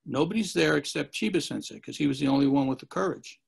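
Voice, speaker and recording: A gravelly man tells stories as a guest on a podcast interview, wandering from one anecdote to the next and talking fast. His voice sits a little high for a man with a husky grain, and he slips into the voices of the people he quotes.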